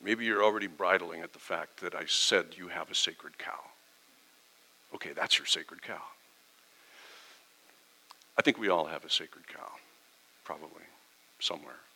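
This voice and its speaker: A middle-aged man preaching from the pulpit in a relaxed, conversational way. His voice sits a little low and has a very bright, forceful edge. He drops into quick little acted-out dialogues to make his points. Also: poor audio. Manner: conversational preaching, acts out quoted exchanges. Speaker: pastor. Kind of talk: sermon.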